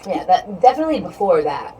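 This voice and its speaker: A woman's voice: medium pitch, very animated, fast, dark tone, highs cut off. A woman live-streaming and chatting casually with her viewers, rambling from topic to topic and filling her talk with "you know". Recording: distant mic with faint background noise.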